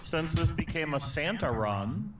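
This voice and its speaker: A man playing a tabletop game, joking deadpan in character. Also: on the high side, measured pace, roomy sound, a crowd in the background. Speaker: player. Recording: distant mic with noisy line.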